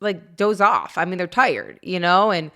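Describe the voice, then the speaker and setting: A woman's voice: on the low side, unhurried, sharp tone. A woman co-hosting a parenting podcast, telling a family story in a casual, chatty way, often laughing and acting out what people said.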